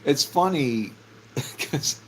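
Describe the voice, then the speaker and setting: A man's voice: on the high side, lively intonation, extremely slow, slight background noise, low-quality recording. A middle-aged man musing casually on faith, rambling, often laughing and swearing offhand. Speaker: vlogger.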